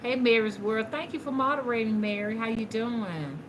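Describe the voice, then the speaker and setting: A woman's voice: on the high side, moderate pace, background noise. A woman, rambling and chatting casually to her viewers during a live stream while she works, with some cussing. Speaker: spiritual reader hosting a live stream.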